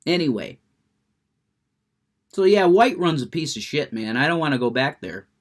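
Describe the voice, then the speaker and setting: Cursing a lot and working himself up, this adult smoker goes on a profane rant before moving into casual talk about a video game he's playing. His voice is a little high and very animated, at a moderate pace.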